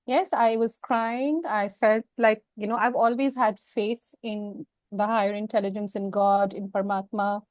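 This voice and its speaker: A woman speaking as an interview guest, telling a personal story in a frank, emotional, expressive way. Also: mid-range voice, normal speed, hardly any pauses, no echo.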